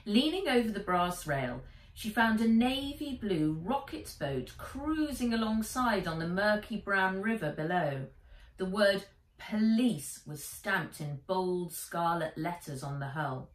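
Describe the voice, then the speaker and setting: Woman reading her kids book aloud, lively, slow, roomy sound, mic kinda far off. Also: medium pitch. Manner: expressive, animated reading. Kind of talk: storybook read-aloud. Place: small writer's shed. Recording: echoey room, mic a bit distant.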